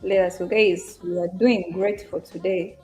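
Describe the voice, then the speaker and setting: A woman's voice: mid-range voice, darkish tone. A young woman with an East African accent, hosting a casual live stream, chatting with viewers, greeting them by name and reading their comments aloud. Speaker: live-stream trader and host.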